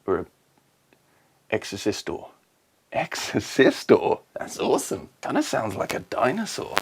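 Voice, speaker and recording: A man's voice: on the high side, huge pitch swings, moderate pace, slightly rough. A man hosting a comic vlog, joking and jumping between silly voices and whispers. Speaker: comedy vlogger.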